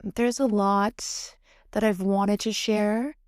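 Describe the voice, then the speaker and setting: A woman's voice: mid-range voice, fairly even intonation, slow pace, a little mellow, dry recording. Young woman, podcast host, solo late-night confessional, swears freely, filler-heavy, laughs off the heavy stuff, dry close sound. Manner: frank and profane, chatty with many fillers; laughs through heavy topics. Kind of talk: candid solo podcast monologue. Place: home, recorded late at night.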